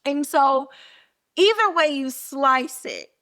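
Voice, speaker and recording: A woman with a high, slow voice hosts a podcast, casually recapping a TV episode. She's animated and playfully acts out quotes from the scenes in put-on voices.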